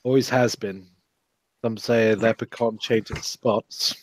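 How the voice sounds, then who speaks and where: A grave old keeper speaks in a low, hushed voice, as a game master puts him on. His warnings are cryptic and solemn, and some of his words fall to a whisper. The sound is close and dry, with no room around it. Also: fairly even intonation, slow pace, dry recording, poor audio. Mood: ominous.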